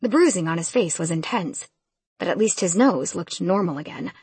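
A woman reading a novel aloud in first person, in a brisk, casual way. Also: on the low side, expressive, darkish tone, husky, dry recording. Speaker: audiobook narrator.

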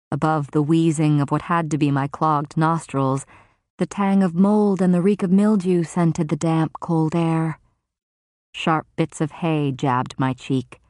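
Low-voiced woman narrating a dark novel. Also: no room sound, studio quality. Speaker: audiobook narrator. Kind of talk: first-person fantasy novel narration.

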